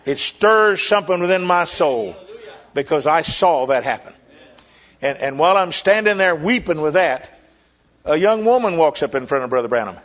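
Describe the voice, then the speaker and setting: An older man, preaching and telling a personal testimony as a pastor, earnest and repetitive with pauses. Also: fairly high pitch, animated. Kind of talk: sermon testimony. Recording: lo-fi dull recording.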